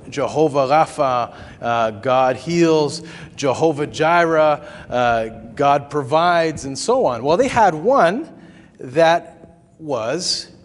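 A man preaching a sermon as pastor, conversational, with asides and small chuckles. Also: on the high side. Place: church sanctuary. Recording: long reverb of a hall.

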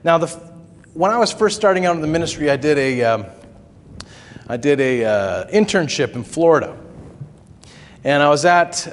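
Man, pastor, chatty sermon, slightly high voice, unhurried delivery, long church reverb. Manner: conversational preaching with asides and chuckles. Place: church sanctuary.

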